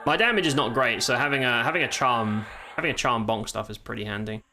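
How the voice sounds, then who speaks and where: This man commentates on his live gameplay at a fast clip, his medium-pitched voice sharp as he swears, exclaims, and chats with viewers. Faint game music plays underneath, along with slight background noise.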